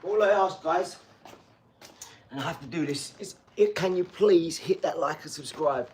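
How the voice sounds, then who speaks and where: A man's voice: fairly high pitch, measured pace, a little mellow, a little hiss or hum. A man, possibly, talking casually to viewers in an upbeat, rambling vlog between workouts. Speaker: vlogger. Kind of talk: casual vlog talk while training.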